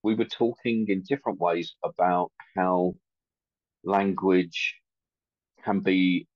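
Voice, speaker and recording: A man giving earnest, hesitant remarks on a video call, with many pauses and fillers. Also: low-pitched, steady tone, no room sound, muffled recording. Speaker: community participant.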